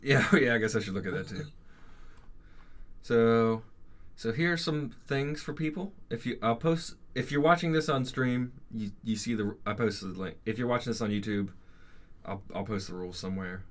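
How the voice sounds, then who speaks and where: A man's voice: medium pitch, moderate pace. A man hosting a chess stream, chatting casually and rambling with jokes and frequent restarts. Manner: rambling, jokey, restarts often. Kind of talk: casual gaming chat.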